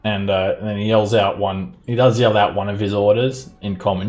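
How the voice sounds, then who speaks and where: Male game master, lower voice, chatty narration full of laughs and "uh"s. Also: fairly even intonation, normal speed, few pauses, darkish tone, faint music behind. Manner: loose narration with frequent laughs and fillers. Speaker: dungeon master.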